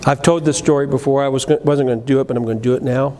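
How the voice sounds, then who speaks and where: A middle-aged man preaching a sermon, telling a personal story, moving between loud emphatic lines and low quiet asides, with frequent restarts. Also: steady tone, very fast. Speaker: pastor. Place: church sanctuary. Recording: live church recording with long reverb and faint room noise.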